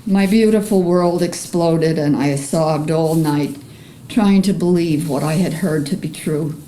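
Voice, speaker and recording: An older woman with a Bronx accent, an artist reading a personal memoir aloud in an earnest, emotional, measured way. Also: low-pitched, mellow, slight background noise, poor audio. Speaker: artist presenting her paintings.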